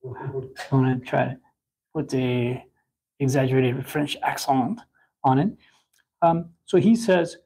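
Gravelly-voiced man teaching catechism. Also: mid-range voice, steady tone, mellow, rough recording. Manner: halting, many restarts and fillers. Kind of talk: spoken catechism lesson.

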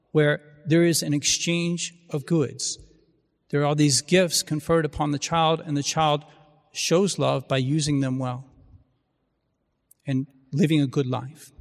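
A man preaching a Catholic sermon, speaking in a halting way and often repeating words as he searches for his phrasing. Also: fairly high pitch, long reverb tail.

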